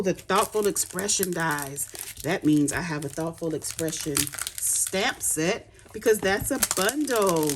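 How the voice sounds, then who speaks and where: A woman's voice: fairly low pitch, background noise. A woman demonstrating craft supplies in a casual unboxing chat, chatty and gushing with delight. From United States.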